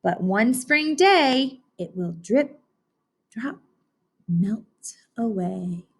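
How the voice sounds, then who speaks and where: A woman's voice: fairly high pitch, expressive, drawn-out words, breathy edge, exaggerated voice. A woman reading a wise storybook owl. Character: wise mother owl, calm and sing-song.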